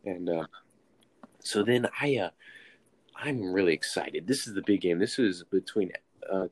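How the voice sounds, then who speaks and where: A man's voice: deep voice, no room sound. A young man from Texas, telling a self-mocking story in casual chat and acting out the quotes.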